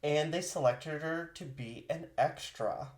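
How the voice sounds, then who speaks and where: A man's voice: fairly high pitch, a little slow. A man co-hosting a podcast, recounting a life story in a casual, conversational way and laughing easily. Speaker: podcast co-host. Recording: roomy echo.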